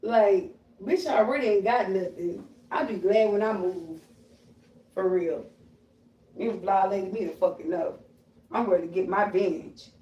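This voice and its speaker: A woman holds forth on a live stream in a blunt, profane rant, loud and combative. She sits back from the mic, and her voice rings in an echoey room. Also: mid-range voice, moderate pace, muffled recording. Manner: loud, confrontational, animated storytelling with shrieking imitations. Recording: roomy echo, voice a bit far from the mic.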